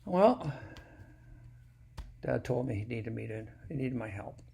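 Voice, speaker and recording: A man's voice: medium pitch, animated, a little slow, creaky, dark tone, a little hiss or hum. A man voicing a shy, sad little farm boy who talks timidly and hesitantly.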